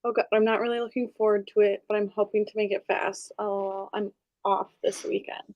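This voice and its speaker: A woman's voice: medium pitch, flat delivery, fairly quick, dull audio. A woman hosting an online group reading session, chatting casually and bubbly, laughing often. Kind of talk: casual chat.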